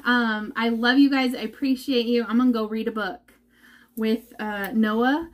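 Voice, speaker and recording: A woman's voice: on the high side, fairly even intonation, moderate pace. A woman giving a heartfelt, emotional vlog update to her followers from home, as a mother. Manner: heartfelt and emotional, talks of holding back tears. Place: at home indoors.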